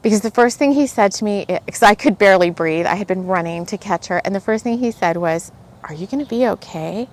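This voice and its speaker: A woman hosting a spiritual podcast, telling stories in a rambling, animated way with lots of fillers and laughs. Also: mid-range voice, fast, few pauses. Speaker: podcast host. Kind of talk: casual spiritual podcast chat.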